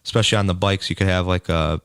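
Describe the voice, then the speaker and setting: Deep, smooth-voiced young man, easygoing. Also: fairly even intonation, fairly bright tone, no room sound, clean studio sound. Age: young adult. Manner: easygoing, unhurried, hesitant with lots of ums. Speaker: podcast guest, lawn care business owner. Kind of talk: casual chat.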